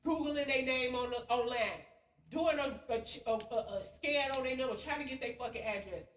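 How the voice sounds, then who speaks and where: A woman's voice: sits high, moderate pace. A young woman, telling a heated story in a blunt, profane, casual rant. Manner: blunt, heavy cursing, heated. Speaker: spiritual vlogger. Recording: echoey room, far from the mic, faint hiss.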